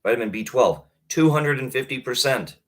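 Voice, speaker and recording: A man in his thirties talking casually on a live stream, rambling with many halting restarts. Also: medium pitch, lively intonation, fairly bright tone. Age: 30s. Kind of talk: casual livestream talk.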